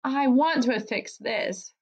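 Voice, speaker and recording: A woman's voice: on the high side, unhurried. Poppy, a woman reading as an earnest young mouse. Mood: solemn. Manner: earnest, solemn.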